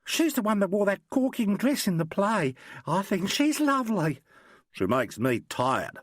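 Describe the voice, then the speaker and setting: A narrator puts on a young New police sergeant in an audiobook, a man eager and admiring who gushes his story in lively, bouncing tones. The voice sits close and dry. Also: sits high, a little slow, no echo, voice pushed up, heavily acted. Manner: chatty, admiring, slangy storytelling.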